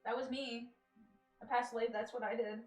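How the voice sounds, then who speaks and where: A woman's voice: a little high, fairly even intonation, moderate pace, reverberant, faint music behind. A woman streamer chatting casually while playing a game, reading dialogue aloud and laughing often.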